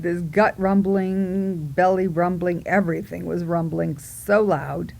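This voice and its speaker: Slow-talking giggly woman telling a story. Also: fairly low pitch, vocal fry. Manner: animated, giggly, acts out her own reactions. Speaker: vlogger. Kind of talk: casual storytelling.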